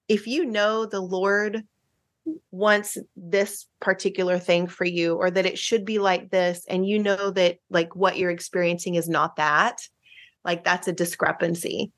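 A middle-aged woman, a marriage counselor and guest, talking earnestly and casually with lots of fillers, restarts and quick laughs. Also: fairly low pitch, level tone. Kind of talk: casual interview chat.

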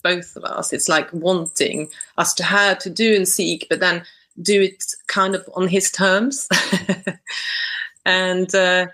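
Low, gravelly-voiced woman guest; crisp bright tone; hesitant, reflective talker. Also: flat delivery, slow, poor audio. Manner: hesitant, thinks aloud with many restarts. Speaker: podcast guest. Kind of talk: reflective conversational interview.

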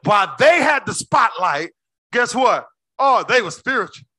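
A male pastor preaching a sermon with call-and-response, swinging between shouts and low asides. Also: big pitch swings, moderate pace, no echo.

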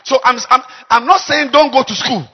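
A man preaching a sermon as a pastor, dropping to low murmurs and rising to high shouts. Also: moderate pace, breathy edge, muffled recording. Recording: long hall reverb.

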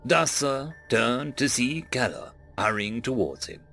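Guy reading a sci-fi story aloud, animated swings in his voice, faint music behind. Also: mid-range voice, measured pace, creaky, hardly any pauses. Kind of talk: audiobook-style story narration.

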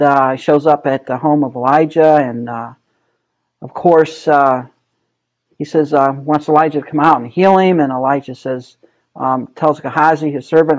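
A man's voice: a little high, a little mellow, highs cut off. Man teaching a casual Bible study. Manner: conversational, asks the group questions, many ums and rights.

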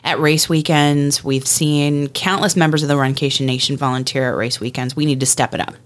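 Low-voiced woman co-hosting a podcast. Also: fairly even intonation, fairly quick. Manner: chatty, thanks and congratulates listeners. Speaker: podcast co-host. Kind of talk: casual podcast chat.

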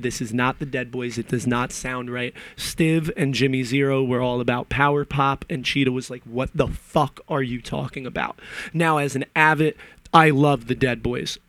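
A man's voice: medium pitch, no echo. A man on a podcast ranting about a movie in a casual, profane and opinionated way, wandering off into side stories. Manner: profane, opinionated, digressive storytelling.

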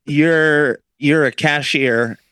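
A man co-hosting a podcast in casual chat, joking with quick interjections. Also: fairly high pitch, fairly bright tone, no echo. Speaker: podcast co-host.

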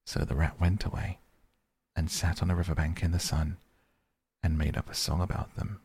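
A man narrating a classic storybook in a calm, measured reading. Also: low-pitched, slightly rough.

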